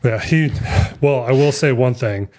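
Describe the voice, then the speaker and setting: A man's voice: medium pitch, a little slow, a little mellow. Brief: young male podcast co-host, casual and rambling, plenty of ums and restarts, mid-range voice. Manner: rambling storyteller, many fillers and restarts. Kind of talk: casual chat.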